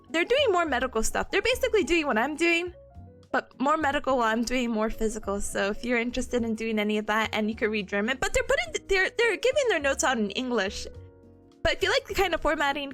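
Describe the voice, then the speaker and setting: A young-sounding woman hosts a study live stream and chats to her viewers, giggling often. Her voice sits very high and swoops widely, with a bright, sharp edge. Faint music plays behind her. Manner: giggly, bursts into laughter and squeals. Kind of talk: casual live-stream chat.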